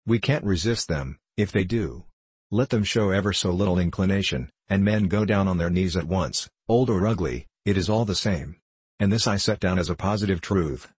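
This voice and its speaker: A man narrating a classic novel in a measured, wry reading. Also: low-pitched, darkish tone, slightly rough, dry recording.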